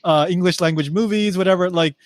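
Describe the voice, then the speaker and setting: A man co-hosting a podcast in relaxed casual chat, adding examples and qualifications, on a close mic. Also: sits high, fairly quick, dry recording. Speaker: podcast co-host.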